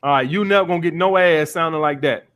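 A man's voice: on the high side, fast talker, dull audio. A man hosting a call-in dating advice podcast, blunt and profane, repeating his points as he coaches a caller.

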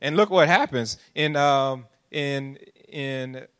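A man's voice: medium pitch, slow, a bit bright, clear, resonant tone. A man preaching a sermon as pastor, drawing listeners in with questions and building to pleading emphasis. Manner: preaching with rising, pleading intensity and call-and-response asides.

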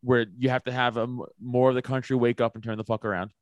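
Blunt, profane American podcast guest. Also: male voice, medium pitch, little pitch movement, fast, no room sound. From United States. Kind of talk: casual podcast chat.

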